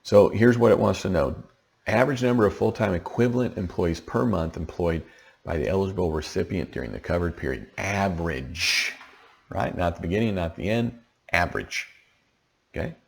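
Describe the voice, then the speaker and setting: Deep, gravelly male tax teacher. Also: animated, brisk, a little mellow. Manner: conversational, checks in with frequent "okay?". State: tired, late at night. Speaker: tax educator. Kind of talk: casual explanatory lesson.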